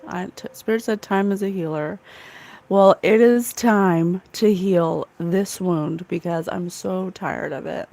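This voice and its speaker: A woman runs a casual spiritual livestream, speaking slowly and earnestly. She talks straight to her viewers, with emotion close to the surface. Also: on the low side, vocal fry, warm tone, dry recording. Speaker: psychic livestream host.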